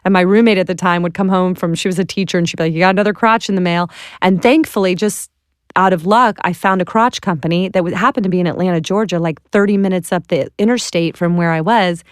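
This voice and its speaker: A middle-aged woman telling stories as an interview guest, animated and laughing as she acts out the people in them. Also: lowish voice, fast, clean tone, dry recording, clean studio sound. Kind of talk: animated storytelling.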